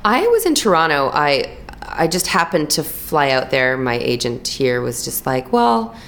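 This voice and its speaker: A young woman with a low, gravelly voice talks through her acting work in a relaxed interview. She tells her stories in an animated way, full of quick restarts and playful mimicry. Her tone is deep and textured, with a slight rasp. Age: young adult. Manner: animated storyteller, quick restarts, lively imitations. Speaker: actress and voice actor. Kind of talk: casual interview chat.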